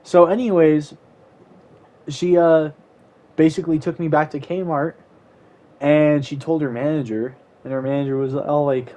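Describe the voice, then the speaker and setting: A man's voice: fairly high pitch, fairly even intonation, unhurried, pauses often, dark tone. A young man casually telling a story time while gaming, rambling with lots of "like"s. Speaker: YouTuber.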